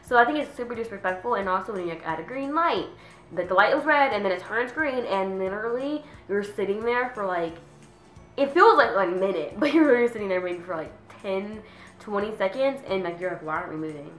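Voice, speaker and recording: A teenage girl venting about her pet peeves in a casual vlog, chatty, with lots of "like", sometimes mimicking people in a higher voice. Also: lively intonation, fairly quick, a bit bright, echoey room, faint music behind, poor audio. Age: teens. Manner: chatty, says "like" constantly, acts out quoted people in a higher voice. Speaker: vlogger.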